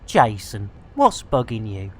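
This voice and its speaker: Woman, live-stream chat, bubbly and jokey, very animated pitch, unhurried. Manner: bubbly, jokey, breaks into shouts and laughs.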